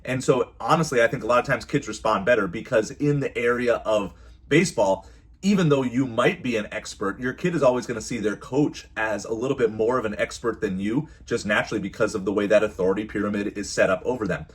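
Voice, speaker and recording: A man's voice: lowish voice, fast talker, breathy edge. A man who is a youth baseball coach and parent, giving casual, earnest advice to camera and often repeating his phrases.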